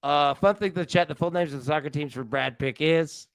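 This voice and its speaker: A man hosting a sports betting show, energetic and joking in casual, rambling chat. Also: a little high, a little fast, creaky, smooth, no echo.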